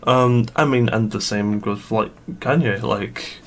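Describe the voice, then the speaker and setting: A man's voice: lowish voice, a bit bright, a little hiss or hum. Rambling, laughing young man co-host. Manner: rambling, halting, laughs often. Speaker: podcast co-host. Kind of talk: casual chat.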